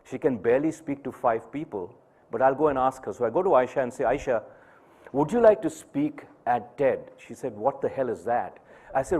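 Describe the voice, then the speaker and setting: Measured man telling a personal story. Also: medium pitch, animated, mellow, breathy edge. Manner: measured, pausing for emphasis. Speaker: speaker at an event.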